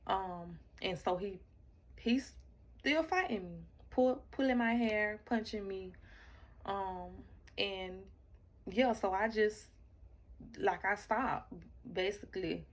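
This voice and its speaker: Animated woman telling a personal story. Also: mid-range voice, slow pace, long pauses. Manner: animated, acts out her own and others' quoted lines; talks straight to the audience, repeats and restarts words.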